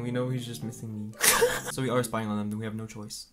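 A man's voice: on the low side, steady tone, a little fast, a bit bright, soft background music. A man playing a story game, reading the characters' lines aloud in a playful, dramatic way and adding his own comments. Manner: playful, dramatic, swings between character voices and asides. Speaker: gaming YouTuber.

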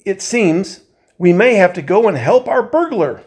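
A man voicing a commanding male dwarf leader who gives brisk orders. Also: high-pitched, sing-song, a little mellow, breathy edge, voice pushed up, full character voice.

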